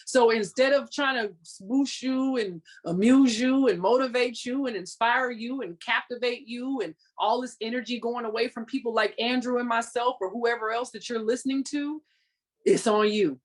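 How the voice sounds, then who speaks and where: A woman's voice: fairly high pitch, moderate pace. Firm motivational woman guest. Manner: firm, exhorting, direct commands to listener. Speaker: podcast guest, business coach. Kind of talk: motivational talk.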